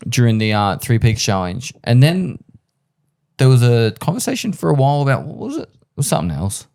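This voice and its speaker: A man co-hosting a travel podcast and recounting a trip in casual chat. He tells it in a wry, dry way, with a middle-pitched voice. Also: big pitch swings, a little fast, creaky, darkish tone. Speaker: podcast co-host.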